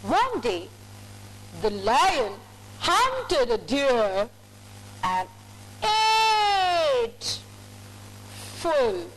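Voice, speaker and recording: A woman coaching storytelling, telling a tale in a drawn-out, theatrical way. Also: sits high, wildly swooping pitch, a bit bright, slight background noise, low-quality recording. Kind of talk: storytelling demonstration.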